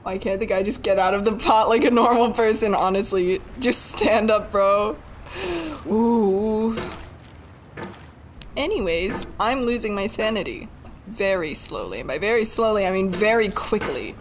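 Slow-talking young woman streaming a frustrating game. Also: mid-range voice, animated, noisy background. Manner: frustrated, pleading and swearing under her breath; self-mocking with bursts of laughter. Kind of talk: live gaming commentary.

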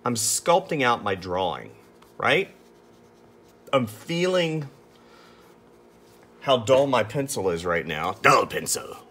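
A man's voice: mid-range voice, big pitch swings, slow, pauses often, fairly bright tone, a little hiss or hum. A man talking casually through a drawing tutorial as he sketches, chatty and amused at himself. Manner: chatty, self-amused, talks while sketching. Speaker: artist teaching drawing.

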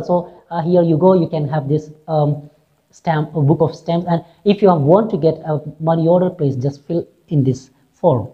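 A woman's voice: low-pitched, moderate pace, warm tone, breathy edge. A woman English teacher talking through a play, who repeats lines and checks in with "right?", on a dull lo-fi recording. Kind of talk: explaining a play in class.

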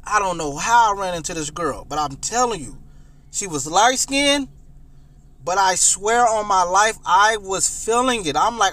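High-voiced young man telling a profane story. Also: unhurried. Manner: profane, animated, repeats himself. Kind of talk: comedic personal storytelling.

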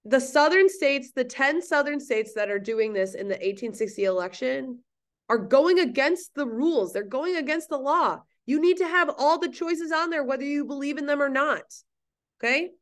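Woman teacher, playful and chatty, recorded lecture in an empty classroom, slightly high pitch. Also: expressive, moderate pace.

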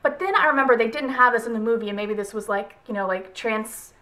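A woman's voice: fairly high pitch, fast talker, bright, forceful tone. A woman reviewing a film adaptation in a casual vlog, chatty and rambling with lots of fillers. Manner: gushing, emotional. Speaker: book vlogger.

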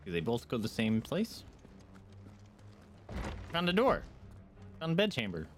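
Young guy streamer, super animated voice, hyped commentary, faint game music behind. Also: mid-range voice, measured pace. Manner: excitable, cheering on his dog companion. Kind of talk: live gameplay commentary.

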